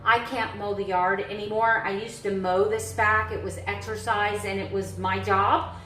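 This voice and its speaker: A woman's voice: medium pitch, steady tone, moderate pace, bright, forceful tone, reverberant, soft background music, rough recording. A woman chatting casually to her viewers in a home kitchen vlog, rambling with friendly asides. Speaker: vlogger. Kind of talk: casual day-in-the-life vlog chat.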